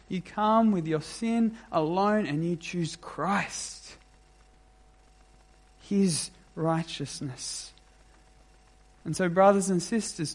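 A man preaching a sermon as pastor, measured and emphatic, with deliberate pauses. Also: high voice.

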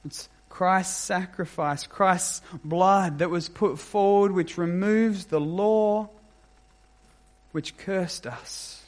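A man preaching a sermon as pastor, measured and emphatic, with deliberate pauses. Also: high-pitched.

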